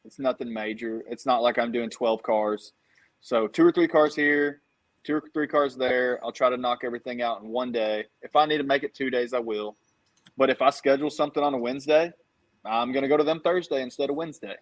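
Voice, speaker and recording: An easygoing man chatting as a podcast guest. His voice sits in a middling range, and he slips into lively voices when he acts out what customers say. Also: mid-range voice, brisk. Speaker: guest, dent repair tech. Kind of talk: casual podcast chat.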